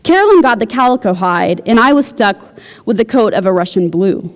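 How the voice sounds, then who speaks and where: A woman, a visiting writer, reading her fiction aloud at a university event in a steady, measured way. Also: mid-range voice. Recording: long hall reverb.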